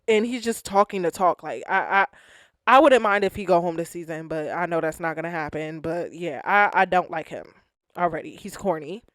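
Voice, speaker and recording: A woman hosting a casual reality TV recap, talking in an animated, slangy way and acting out what people said. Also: lowish voice, moderate pace, no echo, clean studio sound. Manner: animated, slangy, acts out quotes.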